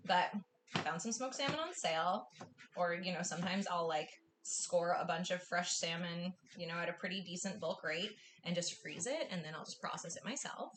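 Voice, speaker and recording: A woman's voice: fairly low pitch, lively intonation, moderate pace, background noise. A young woman hosting a live cooking class, chatting with her viewers in an effusive, gushing way. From US Northwest. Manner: bubbly and effusive, gushing often.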